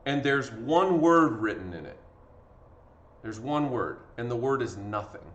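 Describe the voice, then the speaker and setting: A man's voice: mid-range voice, lively intonation, a little slow, fairly bright tone, highs cut off. A man, a history teacher giving a casual lecture over a video lesson, tired from talking, with lots of fillers and acted-out quotes. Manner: conversational, acts out quotes with fillers. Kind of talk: classroom lecture.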